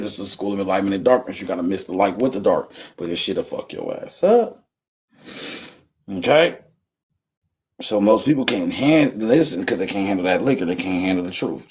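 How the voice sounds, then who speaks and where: A man giving a rambling, profane live-stream lesson in streetwise slang, often acting out drunk people in a high yelling voice. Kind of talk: casual live-stream teaching.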